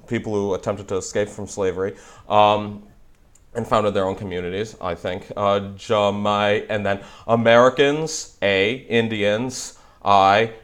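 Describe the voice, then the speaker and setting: A young man with a New England accent, hosting a casual language video where he reads aloud and explains as he goes, thinking out loud with many fillers and restarts. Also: lowish voice. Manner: thinking aloud, frequent fillers and restarts, slow careful spelling.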